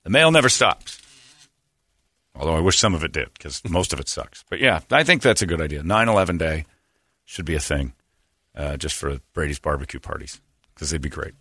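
A man's voice: extremely low pitch, expressive, a little fast, husky, no room sound. A man hosting a radio morning show, telling darkly funny stories in sardonic, casual studio banter. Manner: sardonic storyteller with dark humor.

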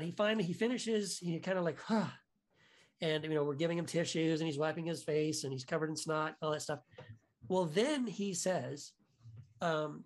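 A man guest on a podcast, telling a story in a casual, animated way, full of restarts and "right?" asides. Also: a little high. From United States.

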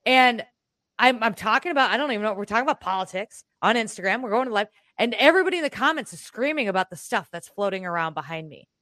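A woman chatting casually as a co-host at home, telling a personal story in an animated, rambling way with restarts and the odd swear word. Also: mid-range voice, fast, dry recording. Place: room in her home.

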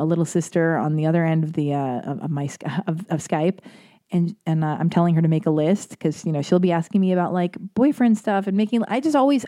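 A woman's voice: lowish voice, mellow. A woman hosting a podcast, reading listener emails and talking through them in an earnest, rambling way with many fillers. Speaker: podcast host.

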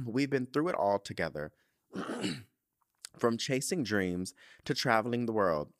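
A man's voice: mid-range voice, sing-song, unhurried, no echo, clean studio sound. A man hosting a podcast, reading out a listener letter and reacting with emotional, dramatic asides. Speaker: podcast host.

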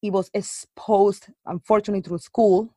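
A woman's voice: mid-range voice, fairly even intonation, dark tone, dry recording. A woman guest in a casual interview, talking earnestly with frequent restarts and hesitations. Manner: halting, restarts often, earnest.

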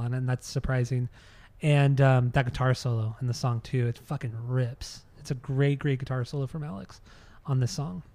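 A man's voice: mid-range voice, mellow, no room sound. A man co-hosting a podcast in casual chat, laid-back and rambling, laughing easily. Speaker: podcast co-host.

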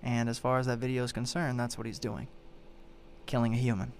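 A man's voice: medium pitch, level tone, brisk. A man hosting a show, giving a casual, rambling recap of a true-crime story and swearing in exasperation as he goes. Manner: profane, exasperated, rambling retelling. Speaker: show host.

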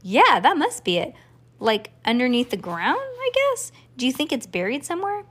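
A woman's voice: sits high, huge pitch swings, moderate pace, fairly bright tone, husky, voice pushed up, exaggerated voice. Woman voicing an impatient bossy schoolgirl. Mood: thoughtful. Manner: blunt, impatient. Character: bossy skeptical young schoolgirl. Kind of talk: reading a storybook aloud.

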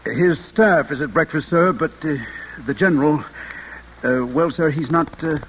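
A man's voice: a little high, unhurried, a little hiss or hum, lightly acted, rough recording. An actor playing a nervous young staff captain who stammers before his general in a radio play. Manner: hesitant, stammering.

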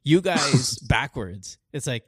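A man from the Philippines hosting a call-in talk show, chatting animatedly and working through examples with quick restarts. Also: mid-range voice, animated, husky, dry recording, studio quality. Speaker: radio show host. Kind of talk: casual chat with callers.

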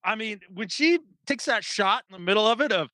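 A man hosting a casual sports talk show, animated and acting out quotes in mock voices. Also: sits high, fairly quick, no room sound. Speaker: sports podcast host.

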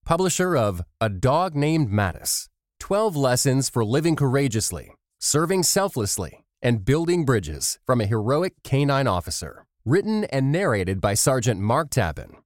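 A man's voice: mid-range voice, very animated, a little slow, no room sound, clean studio sound. A man reading a scripted sponsor message as an announcer.

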